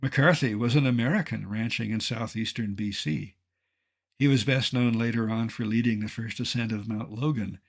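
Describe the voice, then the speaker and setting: An older man, a mountaineer, narrating a slideshow in a scripted way, with dry, deadpan humor. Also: medium pitch, gravelly, breathy edge.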